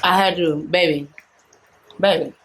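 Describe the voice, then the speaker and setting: A young woman vlogger speaking softly and apologetically to her partner and her viewers. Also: on the low side, steady tone, a little slow, a little hiss or hum, low-quality recording. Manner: soft, apologetic, talks to viewers. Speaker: vlogger, prankster. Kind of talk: casual vlog. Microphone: phone camera.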